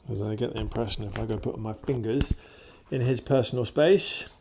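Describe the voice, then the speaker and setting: Dog trainer, male, lowish gravelly voice, soft coaxing delivery, indoor camera audio. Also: fairly quick, noisy background. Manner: calm, soft-spoken, gently coaxing the dog. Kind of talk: casual running commentary during a dog session. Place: indoors, in a room with the dogs.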